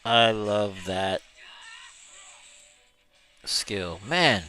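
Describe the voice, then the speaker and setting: A man's voice: fairly low pitch, animated, extremely slow, sharp tone, faint music behind. A male gaming streamer giving live gameplay commentary in a chatty way, reading chat messages aloud and laughing often.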